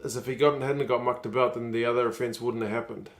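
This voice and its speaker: A man's voice: mid-range voice, fairly even intonation, quick pace. A man, chatting casually on a live stream while watching rugby and reading out viewer comments.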